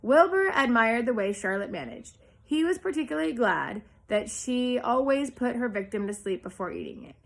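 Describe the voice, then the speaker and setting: A woman reading a children's chapter book aloud with expressive storytelling. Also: fairly high pitch, normal speed, creaky, hardly any pauses, low-quality recording. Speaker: storybook reader. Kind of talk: children's read-aloud narration.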